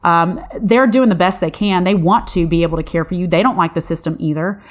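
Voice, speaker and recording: A woman's voice: on the low side, fairly quick. A middle-aged woman, a nurse, talking passionately and with some frustration in a casual chat, often restarting her sentences.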